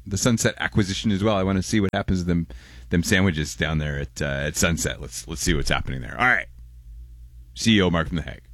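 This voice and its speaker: A young man, hosting call-in talk radio, quick and loose as he reads listener texts aloud. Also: low-pitched, a bit bright, no echo. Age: young adult. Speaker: radio host. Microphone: close studio microphone.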